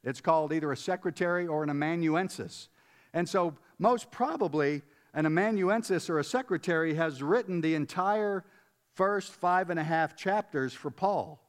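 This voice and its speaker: A man preaching a conversational sermon, emphatic, repeating words and putting questions to his listeners. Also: a little high. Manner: emphatic, repeats words, chuckles, asks the audience. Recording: long reverb of a large hall.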